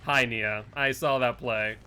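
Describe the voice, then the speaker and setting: A man's voice: medium pitch, fairly even intonation, a little slow, sharp tone, slight background noise. A man streaming a horror game live, chatting casually with viewers and commenting on his play in a playful, teasing way. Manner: chatty, reads chat aloud, playful teasing.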